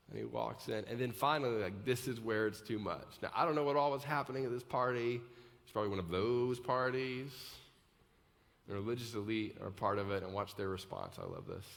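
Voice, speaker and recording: Man, pastor, live sermon, conversational, emphatic peaks, mid pitch, long hall reverb. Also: normal speed, creaky, a bit bright. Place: large church auditorium.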